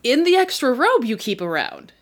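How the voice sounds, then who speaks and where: A woman narrating a tabletop game as game master, playful and quick with asides. Her voice sits a bit high for a woman. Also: very animated.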